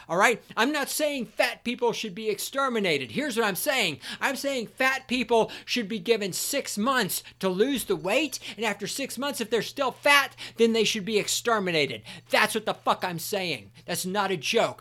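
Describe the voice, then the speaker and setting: A man hosting a solo podcast, ranting angrily with constant swearing and sometimes shouting. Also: sits high, expressive, normal speed, hardly any pauses. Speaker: podcast host.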